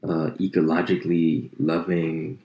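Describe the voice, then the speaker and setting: A very deep, gravelly male voice rambles through casual, profane chat, poking fun at himself as he goes. He speaks into a desk mic in an echoey room. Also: flat delivery, measured pace, dull audio. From United States. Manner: rambling, profane, self-mocking. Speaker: podcast host.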